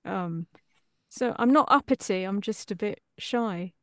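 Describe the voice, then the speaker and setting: Middle-aged actress guest, rambling and self-deprecating, dry close sound. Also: female voice, medium pitch, unhurried, fairly bright tone, no room sound. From Britain. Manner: chatty, self-deprecating, many restarts. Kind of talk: casual interview chat.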